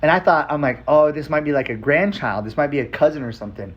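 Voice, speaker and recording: A man's voice: fairly high pitch, fast talker, highs cut off. A man hosting a podcast, telling a personal story in a loose, profane, casual monologue. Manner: loose and profane, with frequent "like" fillers. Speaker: podcast host.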